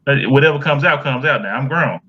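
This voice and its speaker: A grown man co-hosting a podcast, chatting casually with halting restarts. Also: medium pitch, pushed and bright, highs cut off. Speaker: podcast co-host. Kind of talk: casual chat.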